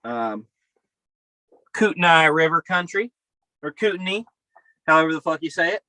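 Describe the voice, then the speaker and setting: A podcast co-host calls in by video from a camper by a river outdoors, keeping the casual chat upbeat, rambling, and profane. His fairly high voice is sharp, fairly quick, and lively in intonation, and the low-quality recording has no echo.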